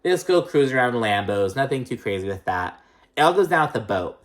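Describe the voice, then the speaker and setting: Recap vlogger: casual, profane, filler-heavy, mid-range voice, animated when mimicking the cast. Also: medium pitch, fast. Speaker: reality TV recap host. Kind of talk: casual gossipy episode recap.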